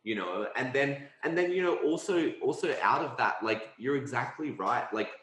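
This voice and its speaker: A man's voice: mid-range voice, lively intonation, normal speed, a bit bright. A man hosting a podcast, earnestly affirming his guest and repeating words as he thinks. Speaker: podcast host. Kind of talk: casual conversation. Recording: roomy echo.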